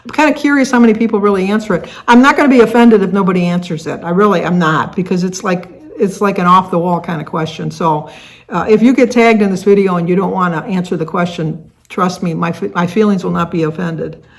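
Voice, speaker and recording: Speaking quickly in a voice on the low side, this older American vlogger from around Detroit rambles to camera while hosting a tag video. Her casual chat is full of fillers and restarts.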